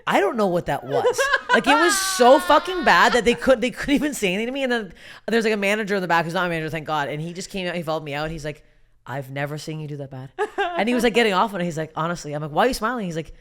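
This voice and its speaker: A woman with an unusually deep voice, a guest comedian telling profane, animated stories in a casual podcast chat. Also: very fast.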